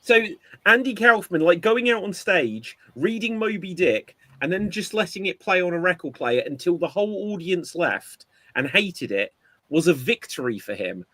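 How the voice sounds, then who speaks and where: A man co-hosting a casual podcast chat, telling an animated story and acting out quotes. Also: high voice, normal speed, no room sound. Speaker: podcast co-host.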